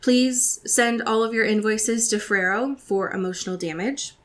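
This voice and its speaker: A woman's voice: mid-range voice, moderate pace. Playful woman reading fan fiction aloud. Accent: Pacific Northwest American. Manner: playful, laughs often, reads with dry comic timing. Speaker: podcast co-host.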